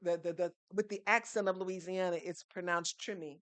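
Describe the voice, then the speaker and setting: A woman with a lowish, steady voice talks at a normal speed in a dry recording. She's a podcast guest sharing her story in a storytelling conversation, earnest and instructive, and she poses rhetorical questions.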